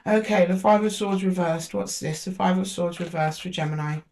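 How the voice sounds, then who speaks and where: A woman's voice: on the low side, a little fast, a little mellow, a little hiss or hum. Woman giving a hesitant tarot reading. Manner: talks to the zodiac sign directly, thinking aloud; hesitant, with frequent restarts while drawing cards. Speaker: tarot reader.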